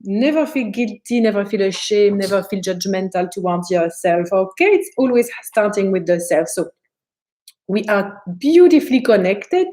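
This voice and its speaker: A woman spiritual teacher talks to her live-stream viewers in a loose, chatty way. She is animated and acts out the thoughts running through her head. Her voice sits at a middle pitch. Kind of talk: live-stream talk answering viewer comments.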